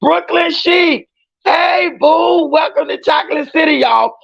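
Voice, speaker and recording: Brief: outspoken woman streamer, high gravelly voice, dull lo-fi audio. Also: a little slow, shouting. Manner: emphatic, outspoken, often raising her voice. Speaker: livestream reaction host. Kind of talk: casual livestream commentary.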